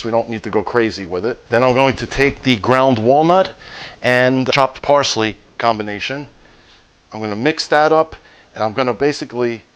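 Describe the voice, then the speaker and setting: Easygoing man hosting a cooking show. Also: mid-range voice. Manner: relaxed, jokey, cracks puns. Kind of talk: home cooking demonstration.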